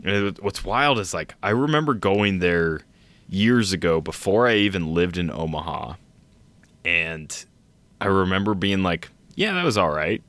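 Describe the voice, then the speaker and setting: A man's voice: low-pitched, animated, measured pace, fairly bright tone, dry recording. A young man co-hosting a podcast, talking in a rambling, enthusiastic way. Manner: rambling, enthusiastic, lots of restarts. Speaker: podcast co-host. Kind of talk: casual chat.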